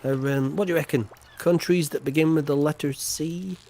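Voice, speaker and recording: A man's voice: on the high side, fairly even intonation, normal speed, a little mellow, a little hiss or hum. A man hosting a quiz on a casual game livestream, teasing the players and announcing the winners with mock-grand flourishes.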